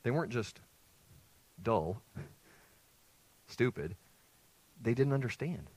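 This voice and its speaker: Male pastor, lively conversational sermon, dry close sound, very expressive pitch. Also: no echo, poor audio. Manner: lively, conversational preaching with rhetorical questions. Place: church sanctuary with congregation.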